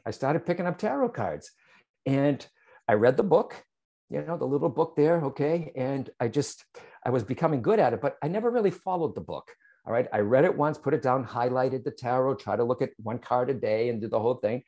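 A man's voice: medium pitch, fairly quick. A man, a psychic medium, telling his story to an interviewer and often checking in with "right?" and "okay?". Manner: animated, speaks straight to the host, frequent "right?" and "okay?".

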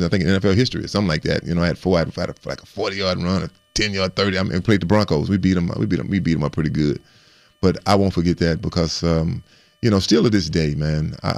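Male guest, very low and rough-edged voice, chatty storyteller with lots of restarts, dry close sound. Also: dry recording. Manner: animated storyteller who repeats and restarts words and acts out quotes. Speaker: guest recounting his playing career. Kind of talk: casual storytelling interview.

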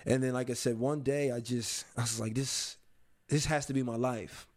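Being interviewed, a young man in early adulthood shares a personal story, pausing and restarting frequently as he reflects. His pitch sits in the middle, and his intonation stays fairly even.

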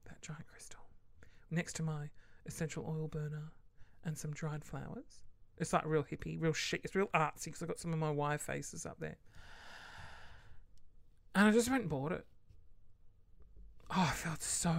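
A woman's voice: deep voice, fairly even intonation, normal speed, creaky, long pauses, no room sound. A woman hosting a casual solo podcast, rambling chattily and acting out quoted voices with sudden whispered asides. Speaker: podcast host.

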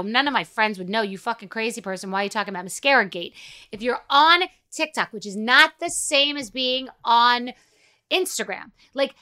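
Bright, crisp-voiced blunt woman podcaster. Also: on the high side. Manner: blunt, profane, rambling with many asides. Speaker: podcast host. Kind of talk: casual monologue.

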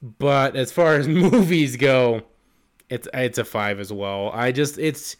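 A young man co-hosting a casual movie podcast. He talks excitedly, swears often and fills his talk with "like". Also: medium pitch, slow. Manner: excitable, swears a lot, lots of "like". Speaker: podcast co-host. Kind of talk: casual movie review chat.

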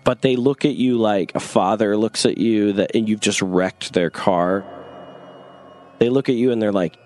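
A young man from North Carolina tells a long personal story in a loose, rambling way. His voice sits very low and relaxed, and he keeps slipping in "like" while acting out the lines of the people in the tale. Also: moderate pace, no echo. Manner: rambling, frequent "like", acts out quoted voices. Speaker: guest storyteller. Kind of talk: casual storytelling.

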